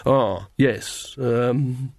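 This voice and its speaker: A man's voice: mid-range voice, very slow, vocal fry, darkish tone, no room sound, clean studio sound, exaggerated voice. A man voicing a flustered young woman witch who stammers and hesitates. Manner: hesitant, full of ums.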